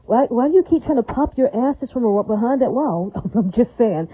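A woman's voice: on the high side, animated, normal speed, breathy edge, dry recording, muffled recording. A woman talking in a rambling, repetitive monologue to viewers, often tacking "right?" onto her lines and laughing between phrases.

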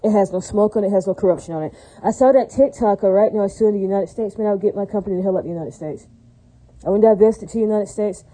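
A woman's voice: medium pitch, very fast, mellow, low-quality recording. A woman in a rambling casual monologue, preachy and full of religious phrases, often asking "does that make sense".

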